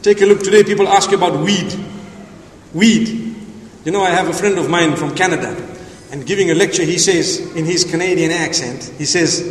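A man preaching a sermon with passion, asking rhetorical questions and rising to shouts, with Arabic religious phrases mixed in. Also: high voice, a little fast, a little hiss or hum. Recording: echoey hall, voice from far off.

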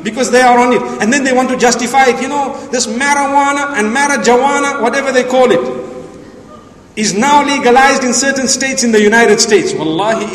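A man preaching a sermon with passion, asking rhetorical questions and rising to shouts, with Arabic religious phrases mixed in. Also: extremely high pitch. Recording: echoey hall, voice from far off.

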